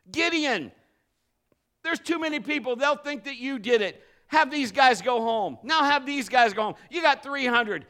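A man preaching and telling a personal story, animated, swinging from shouts to hushed storytelling. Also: extremely high pitch, unhurried. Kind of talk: sermon with personal testimony.

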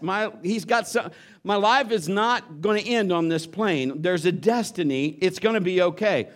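A man's voice: high-pitched, measured pace, fairly bright tone. A man preaching a sermon, telling a story and acting out the voices of the people in it. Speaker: pastor.

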